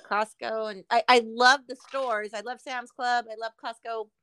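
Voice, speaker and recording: Co-hosting a podcast, a middle-aged woman from Southern California spins stories in laid-back chat, full of swearing and laughter. She talks at a normal speed in a fairly high, steady voice that sounds pushed, bright, clear, and resonant.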